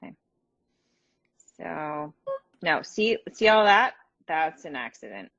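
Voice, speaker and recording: A woman chats casually while baking in her home kitchen, self-deprecating and quick to laugh. Her voice sits on the low side. The livestream audio is a little dull and lo-fi. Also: very animated, vocal fry, fairly bright tone. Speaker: actor co-hosting a live stream. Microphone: phone or video call.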